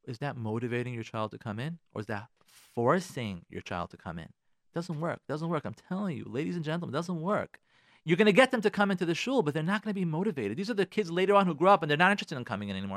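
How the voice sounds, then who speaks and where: A man's voice: a little high, lively intonation, fast, fairly bright tone, dry recording, clean studio sound. A middle-aged man hosting a radio talk show, giving insistent advice and repeating his points straight to the listeners. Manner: insistent, repeats phrases, addresses listeners directly. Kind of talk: emphatic advice monologue.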